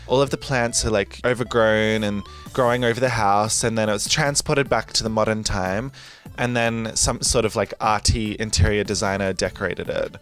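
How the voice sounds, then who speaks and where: A man's voice: fairly low pitch, fairly bright tone. A man chatting and gushing in a rambling, giggly voice-over over a building game, with faint music behind him. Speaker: gaming video host. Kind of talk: casual voice-over over gameplay.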